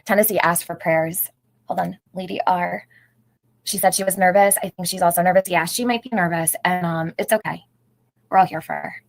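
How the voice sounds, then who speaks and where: A woman's voice: on the low side, fairly even intonation, brisk, low-quality recording. A middle-aged woman hosting a casual livestream, chatting, greeting viewers by name and laughing often. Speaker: livestream host.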